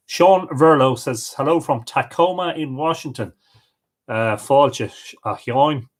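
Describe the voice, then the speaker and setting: A man's voice: on the high side, fairly bright tone. A middle-aged man with an Irish accent, hosting a livestream in a chatty way and reading out viewer comments. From Ireland. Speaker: livestream host. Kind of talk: casual live-stream greetings.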